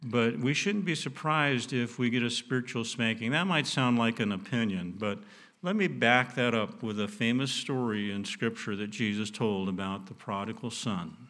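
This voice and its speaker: A man's voice: mid-range voice, normal speed, a bit bright. Earnest folksy man preaching a sermon. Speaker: pastor.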